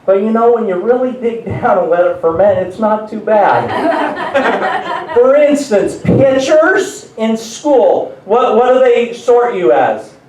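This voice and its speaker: A man with a high voice performs a stand-up set at an unhurried pace, telling self-deprecating stories and often restarting his sentences. He is heard from some distance in a very echoey room. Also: expressive, a little mellow, a little hiss or hum. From United States. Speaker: stand-up comedian. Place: large echoey venue before an audience. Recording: echoey room, voice far from mic.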